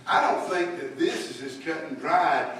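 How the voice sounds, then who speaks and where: A man's voice: fairly high pitch, lively intonation, normal speed, a bit bright. A man teaching a church Bible lesson in a folksy way, putting questions to his class. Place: church room. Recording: echoey room, voice from far off, faint hiss.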